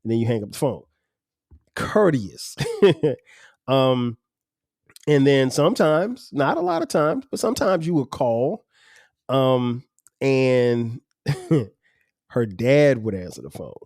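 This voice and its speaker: A man in his forties hosting a podcast, telling relaxed stories with slang, frequent laughs and "um" pauses. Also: medium pitch, dry recording, clean studio sound. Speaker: podcast host. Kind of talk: casual storytelling monologue.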